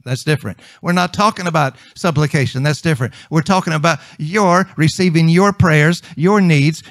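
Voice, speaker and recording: A man's voice: fairly high pitch, no room sound. A male preacher delivering a conversational sermon, emphatic and repeating his points.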